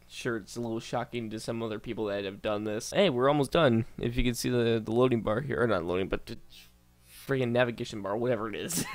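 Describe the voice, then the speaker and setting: Guy youtuber reacting to stuff, reads posts out loud, stumbles a lot, gets all wow and disbelieving. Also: mid-range voice. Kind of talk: casual reaction commentary.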